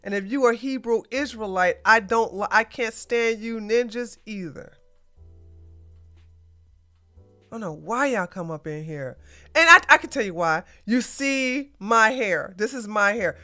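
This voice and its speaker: A woman's voice: a little high, lively intonation, a little slow, pushed and bright, soft background music. A woman hosting a casual political commentary livestream, blunt and ranting, with plenty of slang. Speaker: podcast host.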